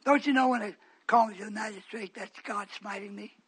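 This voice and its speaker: Bright, husky preacher man telling a story. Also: high voice, fairly quick. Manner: swings from quiet asides to shouted outbursts. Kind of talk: storytelling sermon.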